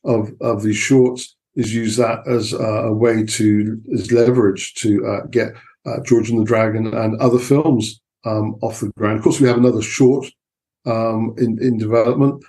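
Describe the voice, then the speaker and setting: A man's voice: medium pitch, steady tone, moderate pace, dark tone. Chatty English man telling stories. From England. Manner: storytelling, with many fillers and restarts. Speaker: guest film director. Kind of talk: casual interview chat.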